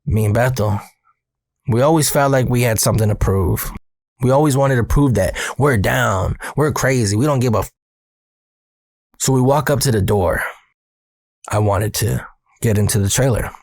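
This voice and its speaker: Male storyteller, mid-pitched and gravelly, casual and slangy with swearing, addressing the listener. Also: normal speed, long pauses, a little mellow, dry recording, clean studio sound.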